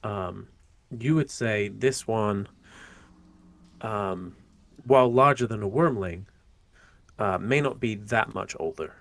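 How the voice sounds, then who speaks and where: A man narrates a tabletop game as its game master. His voice carries a gravelly edge. He keeps a relaxed flow, stopping often for fillers and restarts. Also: lowish voice, slow, long pauses, dry recording.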